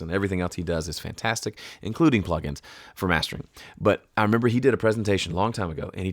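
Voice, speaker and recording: A man's voice: sits low, no echo. A man teaching audio mixing at a home studio in a chatty, casual tutorial, sidetracking and correcting himself. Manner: chatty, self-correcting, explains with sung hoots. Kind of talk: casual screen-share tutorial.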